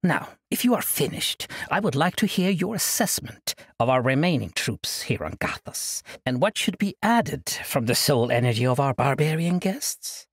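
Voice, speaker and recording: A man's voice: fairly high pitch, big pitch swings, normal speed, few pauses, breathy edge, no echo, clean studio sound, full character voice. A man voicing a cruel, commanding demon queen in an audiobook, with a silky, imperious manner.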